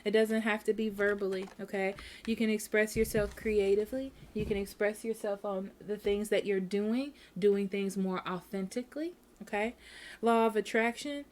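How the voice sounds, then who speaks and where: A woman's voice: medium pitch, steady tone, moderate pace, a little mellow, a little hiss or hum. A woman giving a casual tarot reading at home, speaking frankly and repeating herself, often checking in with "okay?". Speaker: tarot reader.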